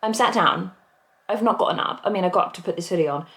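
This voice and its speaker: A woman's voice: on the low side, fast talker, a bit bright, echoey room, poor audio. A young woman, pregnant and out of breath, talking candidly and rambling to her camera while seated at home. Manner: candid, rambling, self-interrupting. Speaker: vlogger. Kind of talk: casual confessional vlog. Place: home, seated on a squeaky chair. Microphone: camera mic.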